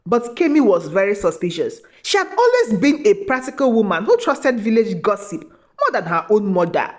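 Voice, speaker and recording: A woman reading a fantasy story aloud in an expressive, dramatic way. Her voice sits fairly high and her pitch rises and falls widely. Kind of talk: scripted story narration.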